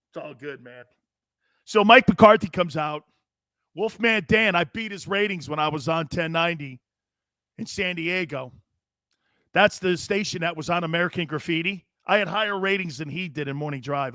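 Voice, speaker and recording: A brash middle-aged man hosting a casual sports talk show, ranting loudly and talking straight to his viewers. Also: on the high side, no room sound, clean studio sound. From US Northeast. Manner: brash, loud, talks straight to chat viewers. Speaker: sports radio host.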